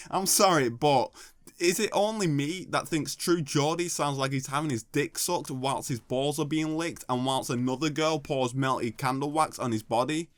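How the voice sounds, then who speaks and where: A man's voice: on the high side, unhurried. A man giving sarcastic, mocking comedic commentary. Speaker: YouTube commentator.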